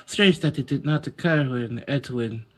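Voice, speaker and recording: A man voicing a formal, courteous adventurer who speaks in measured phrases. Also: medium pitch, lightly acted. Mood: earnest.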